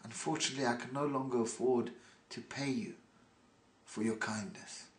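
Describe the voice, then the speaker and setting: A man's voice: mid-range voice, normal speed, natural voice. A man voicing a proud, gracious Jewish man who answers taunts with exaggerated politeness, in an echoey room. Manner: exaggerated politeness, warm and grateful.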